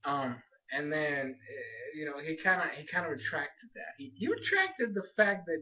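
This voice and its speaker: A young man rambling excitedly through a casual recap of a show episode, full of slang. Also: on the high side, normal speed. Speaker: show reviewer. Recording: dull lo-fi recording.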